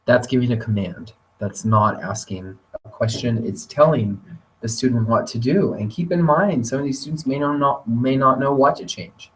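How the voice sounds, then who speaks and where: A man presenting a teacher training webinar, talking in a relaxed conversational way with occasional fillers. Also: mid-range voice, moderate pace. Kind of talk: webinar lecture. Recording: voice distant from the mic.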